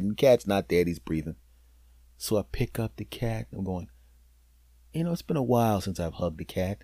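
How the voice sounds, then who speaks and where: Man, podcast host, comic storytelling, swings loud to hushed, deadpan punchlines, dry close sound. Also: medium pitch, dry recording.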